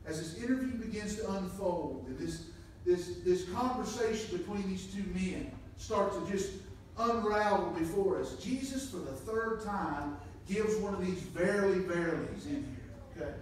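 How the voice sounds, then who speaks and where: A man preaching a sermon, moving from quiet scripture reading to loud, emphatic points. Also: high voice, animated, moderate pace, a little hiss or hum. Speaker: pastor. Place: church sanctuary. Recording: echoey room from far off.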